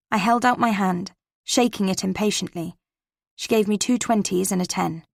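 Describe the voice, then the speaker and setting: A woman narrating a cozy mystery audiobook in the first person, with a gravelly edge to her mid-range voice. Her delivery is measured and wry. Close, dry studio sound. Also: mid-range voice, dry recording.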